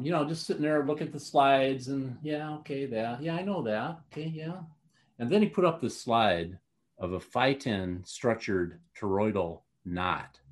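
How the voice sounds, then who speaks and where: A man telling a long personal story in a casual interview, rambling with many fillers and restarts. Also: fairly low pitch. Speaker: guest.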